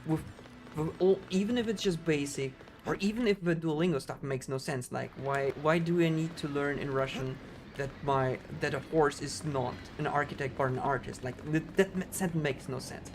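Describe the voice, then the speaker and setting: A man's voice: a little high, moderate pace, background noise. Chatty German-accented man streaming. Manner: rambling, chatty, frequent "like" fillers. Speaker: speedrunner streamer. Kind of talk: casual livestream chat while gaming. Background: game music.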